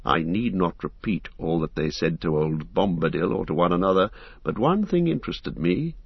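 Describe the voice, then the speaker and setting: A man voicing a wary, grim male ranger in an audiobook, measured and guarded in his delivery. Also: low voice, lively intonation, creaky, husky, no room sound, lo-fi sound, exaggerated voice. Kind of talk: audiobook character voice.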